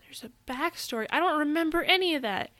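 Brief: excitable American woman co-host, slightly high, dry close sound. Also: quick pace, dry recording. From United States. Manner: excitable, jumps topics, swears casually. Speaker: podcast co-host. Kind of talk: casual chat.

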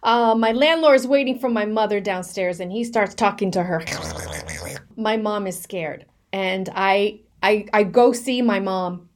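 A woman co-hosting a podcast, telling a story in lively casual chat and mixing in Spanish words. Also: mid-range voice, measured pace. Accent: Latina, Spanglish mix. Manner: animated, shouts and mixes in Spanish words. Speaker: podcast co-host.

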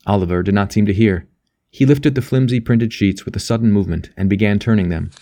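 A man reading an audiobook novel as narrator in a measured, even way. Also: fairly low pitch. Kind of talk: scripted narration.

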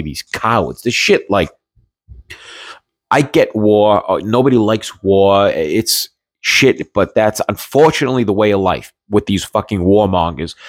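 A man's voice: fairly low pitch, dry recording. Profane agitated man ranting. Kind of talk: ranting commentary.

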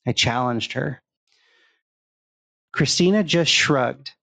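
A man reading a first-person horror story aloud in a steady storytelling manner. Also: mid-range voice, moderate pace, creaky, dry recording. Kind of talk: scripted horror narration.

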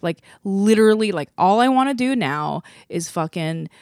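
A woman's voice: mid-range voice, animated, normal speed, a little mellow, no room sound. Candid young woman, dry close sound. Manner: candid, swears freely, heartfelt. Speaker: comedy show co-host. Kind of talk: casual podcast chat.

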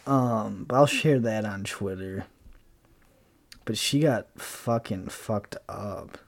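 A man's voice: on the low side, slow pace, gravelly, no echo. A young man hosting a talk show, ranting casually in a blunt, sarcastic and profane way, rambling with lots of fillers. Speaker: podcast host.

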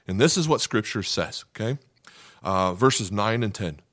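A man's voice: on the low side, animated, normal speed, fairly bright tone, no room sound. Earnest preaching man, dry sound. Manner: earnest, emphatic preaching with frequent "okay?" asides. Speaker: pastor. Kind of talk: sermon.

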